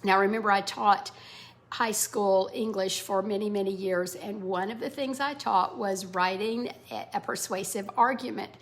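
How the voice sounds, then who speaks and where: A middle-aged woman, a former English teacher, explaining parenting skills to parents in a warm, explanatory way. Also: medium pitch, steady tone, normal speed. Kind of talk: instructional talk to parents.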